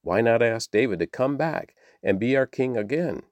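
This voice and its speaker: A man's voice: medium pitch, expressive, moderate pace, no echo, close to an everyday voice. A man reading the lines of a group of townspeople, reasoning and questioning.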